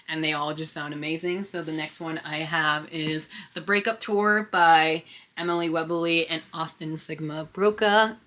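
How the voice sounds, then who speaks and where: A young woman chatting excitedly in a casual book haul vlog, with frequent little laughs. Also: sits low. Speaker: book vlogger.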